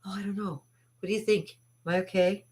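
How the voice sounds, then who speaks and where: A man's voice: high-pitched, fairly even intonation, fast talker, darkish tone, voice pushed up, natural voice. A woman voicing a male school janitor who groans and teases as he plays a finger trick. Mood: teasing. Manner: mock groaning and teasing.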